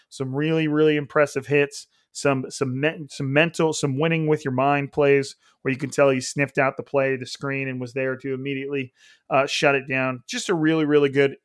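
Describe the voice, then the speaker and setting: Male sports podcast host, slightly high-pitched, conversational game recap, dry studio sound. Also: dry recording. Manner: conversational, with frequent restarts and fillers. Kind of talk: casual sports analysis.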